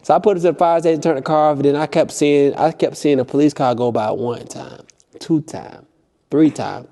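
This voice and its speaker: Animated young man with a dark voice. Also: brisk. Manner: animated, impulsive storytelling with high-pitched acted-out quotes. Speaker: vlogger. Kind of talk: casual storytelling.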